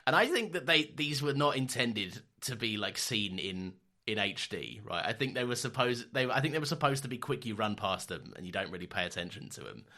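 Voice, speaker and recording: A young man co-hosting a podcast in casual chat, animated, laughing often and swearing casually. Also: fairly low pitch, a little fast, hardly any pauses. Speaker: podcast co-host.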